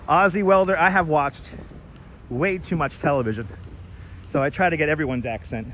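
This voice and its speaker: A man's voice: a little high, lively intonation, measured pace, pauses often, a bit bright, a little hiss or hum. A man hosting a casual live walking-tour stream outdoors, chatting and greeting viewers by name on a clip-on mic. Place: outdoors on a city street. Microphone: wireless clip-on mic.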